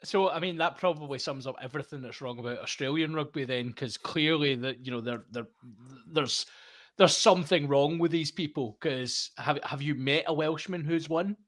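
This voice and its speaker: A man's voice: fairly high pitch, normal speed, a bit bright. A Scottish man on a podcast, chatting casually with dry sarcasm. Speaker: podcast guest. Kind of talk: casual chat.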